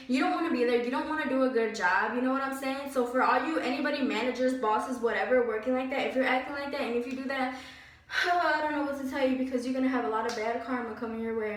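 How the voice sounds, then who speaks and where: A young woman vlogger telling a story about a bad job in a casual, animated and indignant way, with lots of "like". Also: fairly high pitch. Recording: very echoey room, slightly distant mic.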